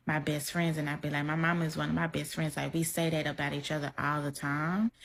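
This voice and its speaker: A woman's voice: deep voice, vocal fry. A young woman talking heartfelt to her camera in a vlog, close to tears. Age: young adult. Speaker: content creator. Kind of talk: emotional reaction vlog. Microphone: camera mic, facing camera.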